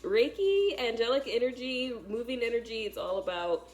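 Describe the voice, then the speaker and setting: A woman spiritual teacher talks to her followers in a casual, emphatic way, with lots of drama. Her voice sits in an ordinary middle pitch. Soft music plays faintly behind her. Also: animated, unhurried. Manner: casual, emphatic and dramatic, addressing viewers directly. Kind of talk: animated spiritual talk.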